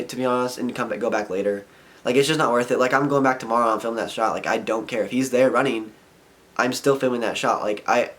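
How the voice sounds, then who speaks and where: A young man vlogging, ranting in a frustrated, rambling way and filling his talk with "like". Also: medium pitch. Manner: frustrated rambling, heavy filler "like". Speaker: vlogger and skater. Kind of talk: casual ranting vlog.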